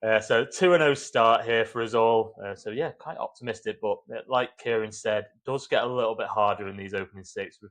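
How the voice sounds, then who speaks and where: Guy hosting a podcast on a call, lowish voice, relaxed and upbeat. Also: fairly quick, few pauses. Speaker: podcast host. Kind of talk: casual sports chat. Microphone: video call.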